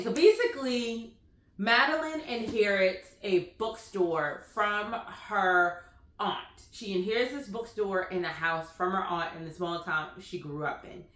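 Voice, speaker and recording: Casual woman book vlogger, talkative and filler-heavy, mid pitch, echoey room. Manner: chatty, animated, lots of "like" fillers. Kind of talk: casual book review chat.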